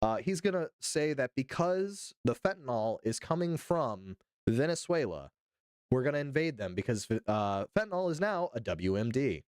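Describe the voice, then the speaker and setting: A man's voice: mid-range voice, big pitch swings, moderate pace, darkish tone, clear, resonant tone, no echo, clean studio sound. A man hosting a livestream, reading news aloud and commenting in a sarcastic, profane way with bursts of mock outrage. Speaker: livestream host.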